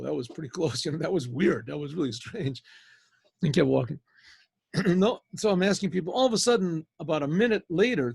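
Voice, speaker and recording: A man's voice: fairly high pitch, gravelly, breathy edge, no room sound. A man, a rabbi, telling a story in a rambling, conversational way with many restarts, speaking over a video call. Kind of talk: storytelling talk.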